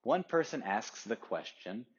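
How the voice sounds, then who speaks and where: Male English teacher walking students through exercises, husky voice, slow pace, dull lo-fi recording. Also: lowish voice, sing-song. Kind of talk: classroom instruction.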